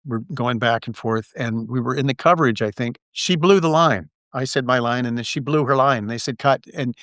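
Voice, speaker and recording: Relaxed older man telling stories. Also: mid-range voice, no echo, studio quality. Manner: relaxed anecdotal storyteller, acts out quoted lines. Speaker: guest actor. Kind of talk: casual storytelling interview.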